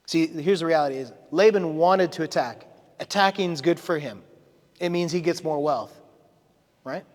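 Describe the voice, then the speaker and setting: A man with a notably high voice preaches in a church sanctuary. He keeps it conversational but leans into dramatic readings of scripture. His words trail into a long reverb from the hall. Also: normal speed, a little mellow. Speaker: pastor. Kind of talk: sermon.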